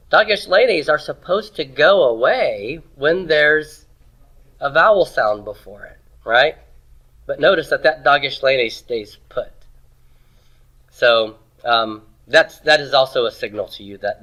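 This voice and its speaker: A man teaching a Hebrew grammar lesson, asking questions and answering them himself, and sounding out words slowly. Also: on the high side, animated, a bit bright. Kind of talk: classroom lecture.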